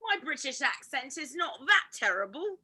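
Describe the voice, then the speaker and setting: Host, woman: casual video-call chat, slightly high voice, rambling asides. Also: big pitch swings, normal speed, pushed and bright, a little hiss or hum, poor audio. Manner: chatty, trails off mid-thought. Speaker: host of a viewing party.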